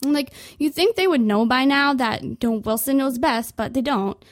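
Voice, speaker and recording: A woman's voice: high voice, moderate pace, no echo, studio quality. Sarcastic young woman telling comic stories. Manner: sarcastic, animated storytelling. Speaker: podcast host. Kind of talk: comedic monologue. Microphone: podcast microphone.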